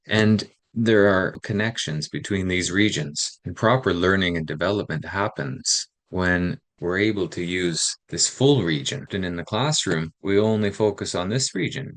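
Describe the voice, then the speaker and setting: A man narrating instructional guidance for teaching, speaking in a calm, explanatory way. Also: low-pitched. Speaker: teacher trainer.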